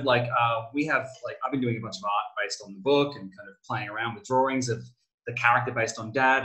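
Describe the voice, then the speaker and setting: A middle-aged man, an author talking as a guest in a casual interview, telling stories and acting out quotes with sudden jumps in pitch. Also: low-quality recording. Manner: animated storyteller, acts out quoted lines with big pitch jumps.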